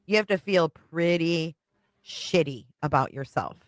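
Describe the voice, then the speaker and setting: Blunt woman co-host with a lowish voice. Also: a little slow, no room sound. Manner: blunt, swears freely. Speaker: co-host reacting to a video. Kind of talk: casual commentary.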